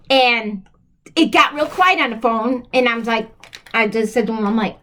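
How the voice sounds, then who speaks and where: A woman with a high voice tells a casual first-person story. She rambles, repeats herself and restarts her lines, and she keeps an earnest, plain-spoken tone throughout. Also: normal speed, pushed and bright, slight background noise.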